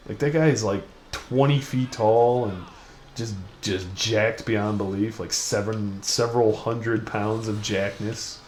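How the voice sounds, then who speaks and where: A man's voice: on the low side, fairly even intonation, measured pace. A young man hosting a gaming video, rambling through crude, self-mocking commentary while he plays. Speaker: gaming channel host. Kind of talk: casual let's-play commentary. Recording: echoey room with faint noise.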